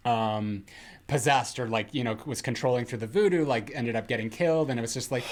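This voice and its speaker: Male American podcast co-host, medium pitch, loose rambling casual delivery. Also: normal speed. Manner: rambling, many fillers and restarts. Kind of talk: casual chat.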